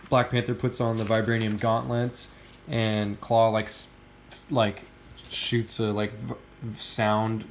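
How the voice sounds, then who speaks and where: A man's voice: lowish voice, slight background noise. A man hosting a casual comic book review, rambling and filling his talk with "like" and "um". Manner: rambling, full of fillers. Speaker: host.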